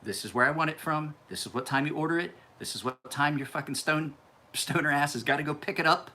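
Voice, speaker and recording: A man's voice: a little high, quick pace, pushed and bright, voice pushed up. A man doing a bossy, foul-mouthed sister. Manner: profane, barking orders. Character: bossy demanding adult sister.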